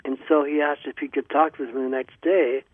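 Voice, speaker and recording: A man hosting a radio show, telling a long story in a rambling, halting way with many pauses and restarts. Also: medium pitch, steady tone, dry recording. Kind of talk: casual storytelling monologue. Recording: dry, tinny phone-like radio sound.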